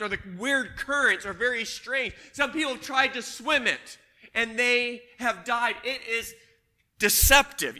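An older man preaching a sermon, swinging between loud emphatic lines and hushed ones. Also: very high-pitched. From Washington State. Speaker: pastor.

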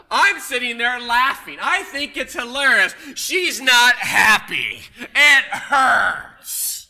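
A man preaching a sermon, telling a personal story with emphatic, loud punches. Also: very high voice, expressive, takes it slowly, hardly any pauses, a little hiss or hum. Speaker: pastor.

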